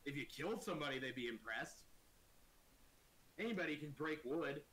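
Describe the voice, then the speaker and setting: Casual male game master, bright voice, loose profane narration. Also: a little high, lively intonation, moderate pace, slight background noise, low-quality recording.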